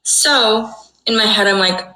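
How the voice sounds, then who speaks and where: A woman's voice: medium pitch, measured pace, sharp tone, roomy sound, poor audio. A young woman telling a dramatic personal story, emphatic and swearing, often checking in with "okay?". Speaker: storyteller in a played clip.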